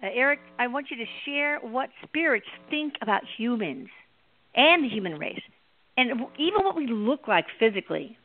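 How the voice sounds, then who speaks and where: A woman's voice: on the high side, sing-song, normal speed. A woman hosting a call-in radio show, asking questions and affirming the guest. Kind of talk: casual call-in radio talk. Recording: tinny phone line.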